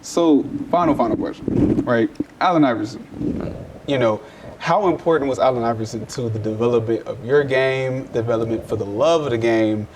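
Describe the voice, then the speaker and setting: A man interviewing a college athlete, conversational and quick with agreeing interjections. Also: mid-range voice, noisy background. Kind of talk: sports interview.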